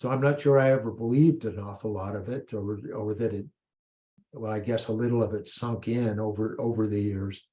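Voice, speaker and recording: A man in his seventies, a priest and retired army colonel, speaking as an interview guest in a thoughtful, halting way with pauses and self-corrections. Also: on the low side, fairly even intonation, dark tone, dull audio. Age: 70s. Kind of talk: reflective interview talk.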